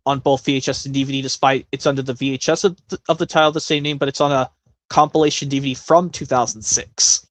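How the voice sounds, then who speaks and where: A man's voice: medium pitch, steady tone, quick pace, dry recording. A man hosting a casual live stream, chatting in a rambling way with many self-corrections.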